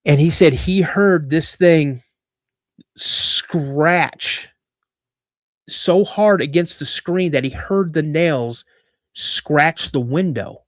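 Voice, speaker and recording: A man in his fifties tells a story as a podcast guest, slightly high-pitched and animated, acting out each voice. The sound is dry, with no room around it. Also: measured pace, hardly any pauses, no echo. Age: 50s. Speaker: podcast guest, cryptid researcher. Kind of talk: casual storytelling.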